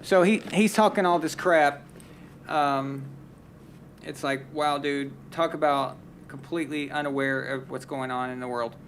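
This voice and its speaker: A man's voice: fairly high pitch, fairly even intonation, unhurried, a little hiss or hum. A man hosting a casual live sports talk stream, giving blunt, heated opinions and often restarting his sentences. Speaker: sports talk show host.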